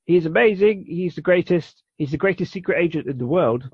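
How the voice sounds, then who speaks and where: A man's voice: a little high, expressive, brisk, breathy edge, no room sound. A man co-hosting a podcast, explaining a cartoon in a rambling, enthusiastic way. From United Kingdom. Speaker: podcast co-host. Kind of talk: casual chat. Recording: dull dry lo-fi recording.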